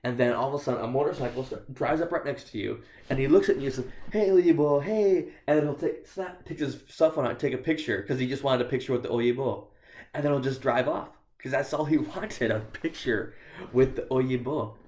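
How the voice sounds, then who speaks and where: A man with a medium-pitched, slightly mellow voice talks a little fast while playing the role of a visiting missionary. His church stories carry a dry, self-mocking humor, heard in an echoey sanctuary.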